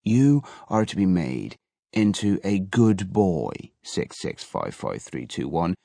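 A man's voice: low voice, very animated, slow pace, creaky, warm tone, no room sound, exaggerated voice. A man voicing an earnest, self-serving male prison chaplain with a pompous manner.

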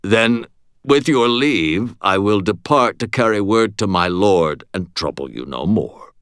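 A man voicing a polite, scheming male servant creature in an audiobook, formal and smoothly courteous. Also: on the low side, lively intonation, unhurried, a bit bright, dry recording, clean studio sound. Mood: courtly. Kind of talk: audiobook character voice.

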